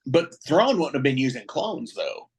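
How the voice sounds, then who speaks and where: A man co-hosting a podcast, chatting casually with a profane, excitable fan's rambling. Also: mid-range voice, moderate pace, vocal fry, slightly rough. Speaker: podcast co-host. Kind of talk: casual chat.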